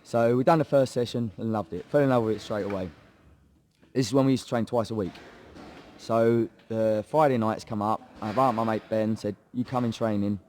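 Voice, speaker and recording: A man's voice: fairly low pitch, fairly even intonation, fairly quick, a little mellow, a little hiss or hum. Chatty English man telling a story. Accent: English, Hertfordshire. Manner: chatty, swearing, laddish banter, acts out quoted voices. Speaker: guest, MMA fighter. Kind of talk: casual storytelling interview.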